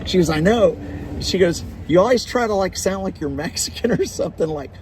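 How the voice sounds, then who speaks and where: Rambling man with a lively voice. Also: sits high, normal speed, noisy background. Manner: laughs often, rambling with restarts. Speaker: livestream host. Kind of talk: casual chat.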